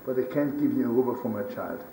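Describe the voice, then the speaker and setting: A very poor, insistent woman begs for a blessing, as a man quotes her. The voice is mellow and dark. It comes through a roomy, distant archival recording. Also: medium pitch, animated, fast talker, creaky, slight background noise. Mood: pleading.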